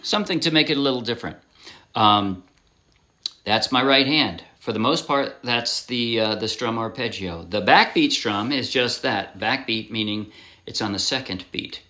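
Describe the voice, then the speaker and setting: A man's voice: mid-range voice, lively intonation, moderate pace, pushed and bright, soft background music. A man giving a casual ukulele lesson, talking in a loose, rambling way, often restarting his sentences and apologizing as he explains. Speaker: ukulele instructor. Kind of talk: casual music tutorial. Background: ukulele playing.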